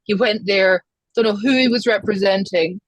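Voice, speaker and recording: Glaswegian woman co-host, animated casual chat, dry close mic. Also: medium pitch, moderate pace, dry recording, rough recording. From Scotland.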